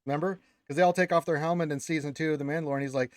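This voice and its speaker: A man's voice: fairly high pitch, no echo, clean studio sound. A man hosting a casual podcast, chatting about lore and reading passages aloud with some stumbles. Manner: animated, quick to exclaim, stumbles over words. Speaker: podcast host.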